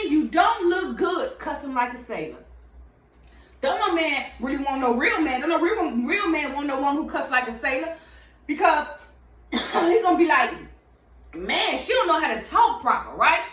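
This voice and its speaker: A woman's voice: sits high, animated, normal speed, fairly bright tone. A woman giving a casual, sermon-style talk of Bible-based advice, emphatic and preachy, ending nearly every point with "right?". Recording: roomy sound, far from the mic.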